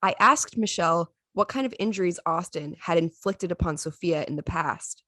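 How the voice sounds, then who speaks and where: A woman hosting a podcast, narrating in a measured, reflective way between interview clips. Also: fairly low pitch, sharp tone, dry recording. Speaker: podcast host.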